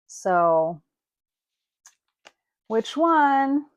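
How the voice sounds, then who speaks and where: A woman's voice: on the high side, very animated, very slow, pauses often. A woman hosting a casual online card-making class, chatting as she works. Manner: chatty, thinks aloud while working. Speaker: craft class host. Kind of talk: casual craft demonstration.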